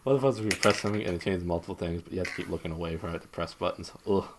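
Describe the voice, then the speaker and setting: A woman's voice: extremely low pitch, fairly even intonation, racing, noisy background. A woman streaming a video game, chatting casually and joking wryly as she plays. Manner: wry, joking, easily amused. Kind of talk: casual gaming chat.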